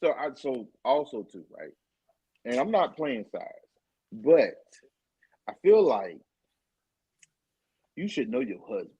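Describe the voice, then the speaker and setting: Husky cohost guy, casual chat, voice jumps all over, dry kinda dull mic. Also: takes it slowly, long pauses, no echo. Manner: expressive, swings pitch widely. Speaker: podcast co-host.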